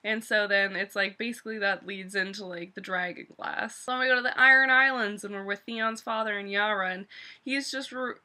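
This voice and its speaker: Bright-voiced woman ranting through a recap. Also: medium pitch, fairly quick. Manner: animated, swearing often, exclaiming. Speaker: video reviewer. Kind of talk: casual TV episode recap.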